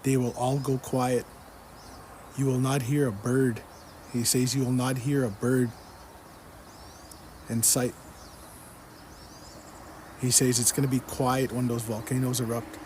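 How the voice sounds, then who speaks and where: Earnest man with a mellow voice. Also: medium pitch, little pitch movement, unhurried, long pauses, a little hiss or hum. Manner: earnest, repetitive, quotes the speaker in the dream again and again. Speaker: person giving a religious testimony. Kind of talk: personal testimony retelling a dream.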